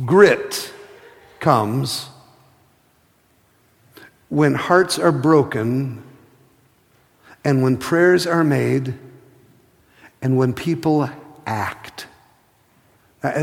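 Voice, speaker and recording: Gravelly man preaching in an echoing hall. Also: medium pitch. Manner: impassioned storytelling, slows to a hush for emphasis. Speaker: pastor. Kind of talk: sermon.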